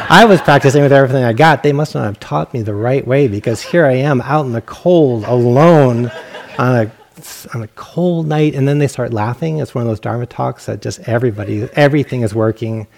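A man's voice: mid-range voice, vocal fry, a little mellow. A male meditation teacher giving a dharma talk, telling a personal story in a self-mocking way and acting out his own inner voice.

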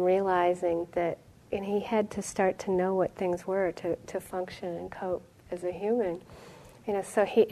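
A woman's voice: mid-range voice, low-quality recording. Woman meditation teacher, reflective. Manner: reflective, storytelling, with soft pauses and laughs. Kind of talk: dharma talk.

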